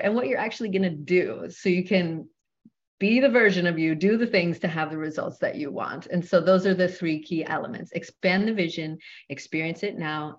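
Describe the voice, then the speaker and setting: A woman, a personal trainer and yoga instructor, speaking as a guest in an interview with a smooth, measured delivery like a radio host. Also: fairly low pitch, highs cut off. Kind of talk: podcast interview.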